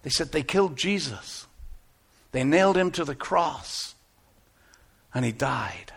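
An actor playing an aging biblical shepherd, telling his story earnestly, moving between hushed tones and exclamations. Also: a little high, lively intonation, measured pace, creaky, breathy edge, exaggerated voice. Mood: wondering. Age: older. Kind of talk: first-person dramatic monologue.

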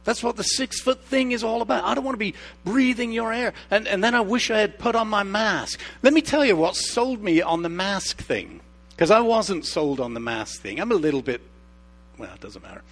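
A middle-aged man preaching with a fairly high voice that moves up and down a lot. He's an expressive storyteller who drops to a hushed tone for emphasis and then gets lively again, all in the flow of a sermon. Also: normal speed. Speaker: pastor. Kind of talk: sermon with personal stories.

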